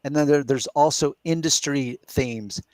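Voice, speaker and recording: A man's voice: a little high, measured pace, darkish tone, dry recording. A middle-aged man hosting a casual live question-and-answer chat, explaining his points step by step and reasoning aloud. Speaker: podcast host.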